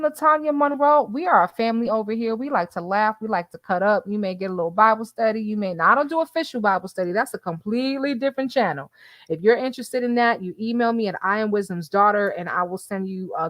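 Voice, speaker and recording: A woman's voice: mid-range voice, fairly bright tone, dry recording. A woman hosting a casual livestream who chats with her viewers, calls them y'all and laughs often. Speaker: livestream host reading the chat.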